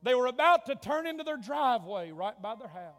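A male preacher telling a story in a revival sermon, dramatic, swinging from hushed tones to shouts. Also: very high voice, sing-song, brisk. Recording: long hall reverb, faint music.

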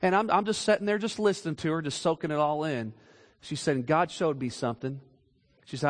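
Man preaching, slightly high voice, long church reverb, quiet storytelling rising to loud emphatic calls. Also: a little fast. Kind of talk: sermon.

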